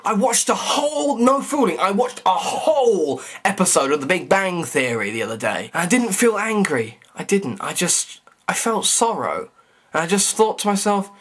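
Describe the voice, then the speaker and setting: A man's voice: high-pitched, sing-song, normal speed, a bit bright, breathy edge. A young man, talking straight to camera in a rambling, stammering comedic rant full of mock outrage. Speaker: vlogger.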